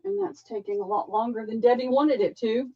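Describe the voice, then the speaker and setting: A woman hosting a live-stream sale, chatting and describing lace items slowly. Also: on the high side, no room sound, lo-fi sound.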